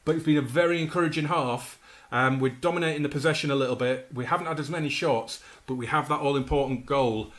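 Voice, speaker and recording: Excitable man commentating a game playthrough. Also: mid-range voice, quick pace. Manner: chatty, with sudden excited outbursts over match moments. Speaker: gaming YouTuber. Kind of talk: commentating his own video game playthrough.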